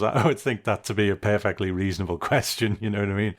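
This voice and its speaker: A man's voice: on the low side, a little fast. A man co-hosting a horror film podcast, chatting casually and acting out film dialogue with amusement. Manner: amused, animated when quoting dialogue. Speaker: podcast co-host. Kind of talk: casual film review chat.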